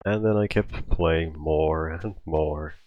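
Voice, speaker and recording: A man's voice: very deep voice, slow pace, phone-quality sound. A man telling a rambling personal story in casual talk, out of breath, often restarting his sentences. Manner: rambling, with many restarts and fillers. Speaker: storytime vlogger.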